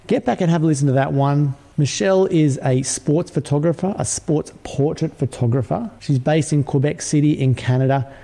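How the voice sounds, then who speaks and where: A man's voice: medium pitch, gravelly, dark tone. A middle-aged man hosting a podcast, reading an upbeat, emphatic scripted intro before chatting with his guest. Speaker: podcast host.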